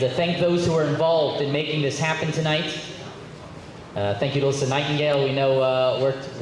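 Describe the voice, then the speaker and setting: Rabbi moderator in a very echoey hall. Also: male voice, a little high. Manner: genial, repeats phrases, occasional restarts. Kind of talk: public address, opening remarks. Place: synagogue hall. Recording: very echoey hall with faint noise.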